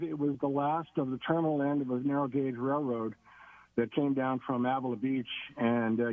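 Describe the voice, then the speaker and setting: Older man on a tinny line. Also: mid-range voice. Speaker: guest. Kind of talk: radio interview.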